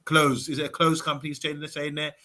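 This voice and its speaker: On a live fan show, a man reads viewer comments aloud casually, full of ums and uhs, in a chatty live-stream style. His voice sits on the high side with little pitch movement, and he talks fast in a bright, forceful tone.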